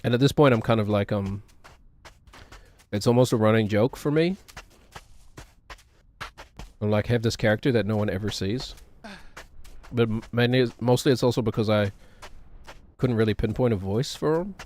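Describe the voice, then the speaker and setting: A man's voice: fairly low pitch, moderate pace, long pauses, a little mellow. A man streaming a game, chatting in a rambling, joking way with self-deprecating asides. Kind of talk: casual gaming stream chatter.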